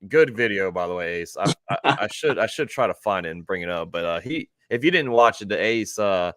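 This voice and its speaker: Laid-back low-voiced sports host. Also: male voice, expressive, a little fast, fairly bright tone, no echo, clean studio sound. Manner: laid-back, chuckling, greets chat viewers. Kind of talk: casual sports talk.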